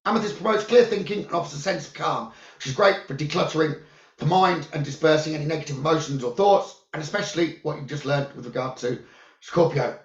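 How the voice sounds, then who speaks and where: A man who works as a psychic medium, giving calm, soothing spiritual guidance about the new moon, crystals and journaling. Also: on the high side, fast talker. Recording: roomy, dull lo-fi sound.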